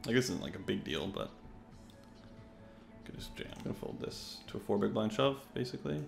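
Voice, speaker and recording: A man's voice: lowish voice, animated, brisk, creaky, roomy sound, faint music behind. A young man giving loose, chatty commentary as he plays poker on a live stream, rambling and swearing freely. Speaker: poker player and coach. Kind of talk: casual live-stream commentary while playing.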